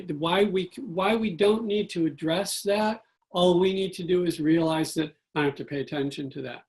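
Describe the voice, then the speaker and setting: A man giving a spiritual talk about money, telling stories with animated acted-out quotes. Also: sits high, gravelly. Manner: animated storyteller, acts out quotes. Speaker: guest speaker.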